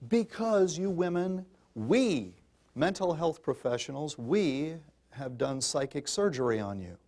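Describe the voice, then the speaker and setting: An older man lectures a room of parents with a gravelly, rough-edged voice. His pitch swings widely as he presses each point, in a folksy and insistent manner, turning to the audience as folks. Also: animated, measured pace, a little mellow. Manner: emphatic, folksy, addresses listeners as folks. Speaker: parenting speaker. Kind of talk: public talk to an audience.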